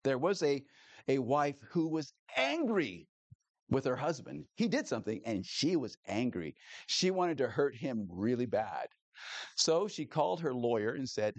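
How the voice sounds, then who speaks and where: Male pastor, lively and animated delivery, dry close sound. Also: mid-range voice, normal speed, dry recording. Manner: animated, repeats key phrases, asks the audience "okay?". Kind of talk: sermon.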